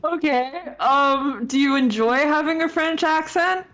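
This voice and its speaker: A woman playing herself as a lawyer in an improvised comedy game, quick-witted and incredulous. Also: sits high, fairly bright tone, faint music behind. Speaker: player in comedy role-play. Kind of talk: improvised comedy role-play.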